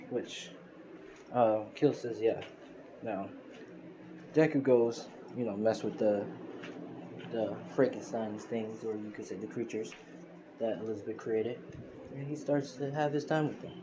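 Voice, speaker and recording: A man retells a fan-made story casually, rambling with plenty of fillers and restarts. His voice is lowish, his pace measured, and he pauses often. It's a noisy recording made with a phone screen recorder.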